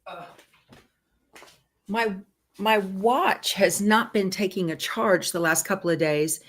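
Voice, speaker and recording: A woman's voice: mid-range voice, slow pace, a bit bright. A woman hosting a live sewing stream, chatting casually and reading viewer comments aloud. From Texas. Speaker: host of a live sewing show.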